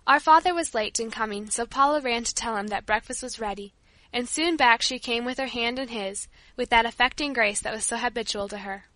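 A woman narrating a children's story in a steady, gentle reading manner. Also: fairly high pitch, fairly quick, no room sound.

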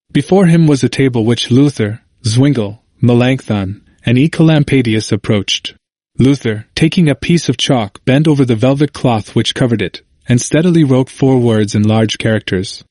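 A man reading a history book aloud in steady, measured scripted narration, lifting his voice for quoted speeches. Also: mid-range voice, dry recording. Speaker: audiobook reader.

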